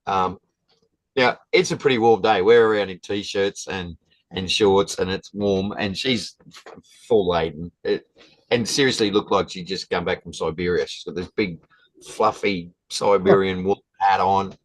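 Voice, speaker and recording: A man, a guest telling a story in a halting, casual way with many restarts. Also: sits low, no room sound, low-quality recording.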